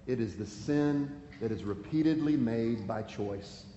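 A man's voice: mid-range voice, measured pace, mellow, a little hiss or hum. Man, pastor, earnest sermon, scripture read with emphasis, roomy hall, dull lo-fi audio. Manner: earnest, pleading, reads scripture aloud with emphasis. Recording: echoey hall, dull lo-fi sound, faint ambience.

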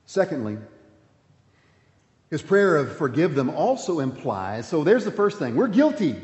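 A man pastor preaching a sermon, swinging between emphatic points and hushed, quiet passages. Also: a little high, very animated, a little slow. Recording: echoey hall, dull sound.

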